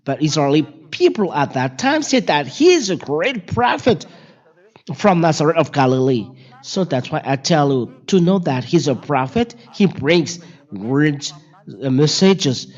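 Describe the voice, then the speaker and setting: Brief: non-native male preacher, higher-pitched, stop-start delivery, dull lo-fi recording. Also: very animated, darkish tone. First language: Malagasy or French. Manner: halting, repetitive, many fillers and restarts. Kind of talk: Bible teaching. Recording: dull lo-fi sound.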